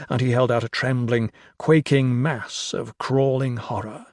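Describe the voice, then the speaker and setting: A man narrating a horror story with slow, expressive storytelling. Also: medium pitch, no echo, clean studio sound. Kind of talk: dramatic audiobook narration.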